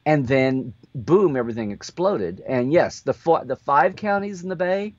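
A man hosting a casual video chat, telling an anecdote in an animated way and acting out the quotes. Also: a little high, moderate pace, no echo, dull audio. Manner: animated storyteller, acts out quotes. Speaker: host.

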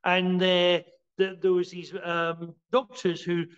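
Halting high-voiced man, lo-fi. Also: completely flat delivery, fairly bright tone, clean tone. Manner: halting, many restarts and "you know"s; explains by acting out scenes. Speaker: martial arts teacher, podcast guest. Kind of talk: casual podcast interview.

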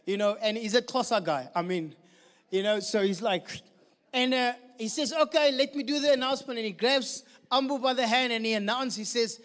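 A man preaching a sermon, telling a story with animated delivery. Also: sits high, normal speed, long reverb tail. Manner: storytelling, lively and animated with laughter. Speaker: pastor.

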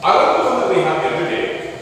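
A man chatting casually in the same room as his partner, relaxed and rambling, trailing off and restarting. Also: high voice, fast. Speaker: partner joining the stream. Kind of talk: casual chat. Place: same indoor home room. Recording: far from the mic in an echoey room, faint noise.

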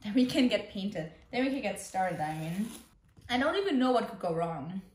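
A young woman vlogging about books, talking herself through a craft project with excited gasps and chatter. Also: medium pitch, normal speed. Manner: excitable, gasping, talks herself through each step. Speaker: book vlogger. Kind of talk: casual crafting commentary. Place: room at home. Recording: echoey room with faint clicks.

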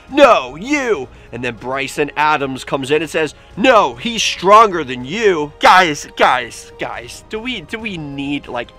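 A man hosting a casual vlog, reading comments aloud with animated, sarcastic asides. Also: fairly high pitch. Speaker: YouTube host. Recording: faint music behind.

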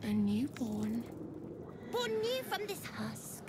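Begging childlike brain creature, high, sing-song, slow, eerie; noisy game track. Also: female voice, sing-song. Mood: pleading. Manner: slow, begging, drifting to whispers.

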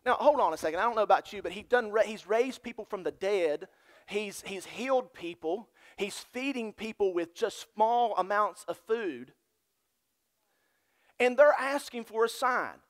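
High-voiced pastor preaching. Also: male voice, lively intonation, normal speed. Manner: emphatic preaching, repeats key phrases. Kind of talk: sermon.

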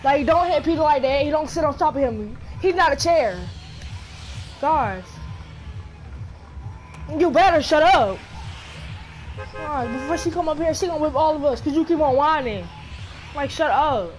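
Young woman, vlogger, high voice, exasperated, scolds in slang over soft music. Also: expressive, normal speed. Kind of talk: casual scolding chat.

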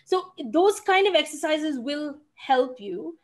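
Expressive woman answering on a video call. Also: sits high, takes it slowly. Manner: warm, expressive, stresses words for effect. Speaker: featured dancer and speaker. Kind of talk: answering questions in an online reading session.

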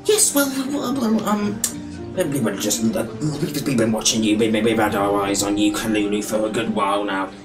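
A young British man giving excitable, cheeky live commentary on a football video game, with game music behind him. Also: on the low side, normal speed, few pauses. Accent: British English. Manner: excitable, shouting and cheeky trash talk. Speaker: gaming YouTuber.

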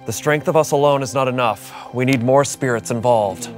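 A man's voice: mid-range voice, normal speed, a little mellow. A man playing a board game, reading its story text with dramatic flair. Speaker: player. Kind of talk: comedic board game play. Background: music.

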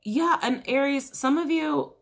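A woman's voice: high voice, measured pace. Young woman, tarot reader, slightly congested, chatty and rambling, lots of fillers. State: congested, just woken up. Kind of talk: casual tarot reading to camera.

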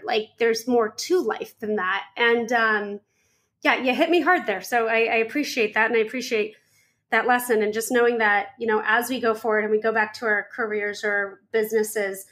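A woman's voice: fairly high pitch, fairly even intonation, moderate pace, a bit bright. Chatty female podcast host. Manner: chatty, informal, lots of fillers. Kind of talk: casual interview chat.

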